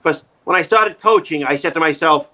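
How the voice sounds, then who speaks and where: Middle-aged man, acting coach, bright slightly high voice, emphatic and repetitive, casual interview. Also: brisk. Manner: emphatic, repetitive, animated storytelling.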